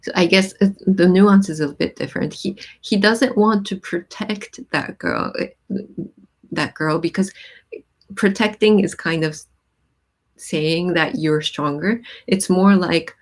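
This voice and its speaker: Thoughtful woman host explaining song lyrics. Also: lowish voice. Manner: thoughtful, pauses with many "um"s, reads lyrics aloud then explains. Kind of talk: casual live-stream talk, translating and explaining lyrics.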